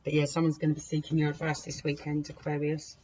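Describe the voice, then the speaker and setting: A woman's voice: low voice, monotone, fast talker, darkish tone. A woman giving a casual, rambling tarot reading to her viewers, chatting to the cards as she deals them. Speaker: tarot reader. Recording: dull lo-fi recording with faint hiss.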